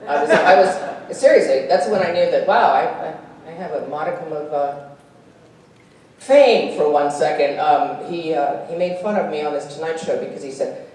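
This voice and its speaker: An actress speaking at a convention panel, animated and quick to laugh as she tells stories and acts out voices. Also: low-pitched. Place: convention hall stage. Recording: echoey hall, distant, faint hiss.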